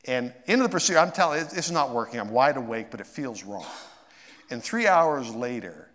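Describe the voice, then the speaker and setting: A man preaching a sermon, telling a personal story with swings from excited to hushed and emotional. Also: medium pitch, a little fast, in a large hall. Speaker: pastor.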